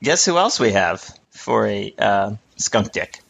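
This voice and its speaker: A man's voice: lowish voice, sing-song, measured pace, creaky, a bit bright. A man co-hosting a podcast, chatting casually and mockingly, cursing and laughing often. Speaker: podcast co-host. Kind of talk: casual comedic commentary.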